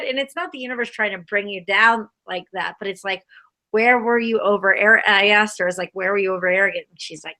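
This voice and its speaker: A woman co-hosting a casual spiritual chat, reading oracle cards and acting out lively quotes with frequent laughs. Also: medium pitch, a little fast. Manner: animated, laughs often, acts out quotes. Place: Boulder area.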